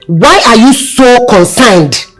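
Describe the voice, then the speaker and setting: Actress playing a sharp-tongued Nigerian village mother. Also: fairly high pitch, expressive, slow. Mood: probing. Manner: questioning, dismissive. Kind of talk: Nollywood film acting. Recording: film audio with music score.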